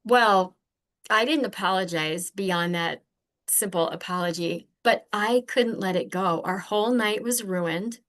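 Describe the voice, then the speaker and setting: An older woman who is a podcast guest, telling earnest personal stories in a candid, animated conversational way. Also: mid-range voice, a little slow. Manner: earnest, animated, acts out remembered exchanges.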